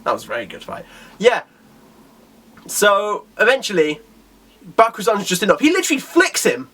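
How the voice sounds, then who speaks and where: A man's voice: high-pitched, huge pitch swings, moderate pace, bright, forceful tone, breathy edge. A man giving a casual, rambling video review of a comic chapter, with lots of fillers and restarts.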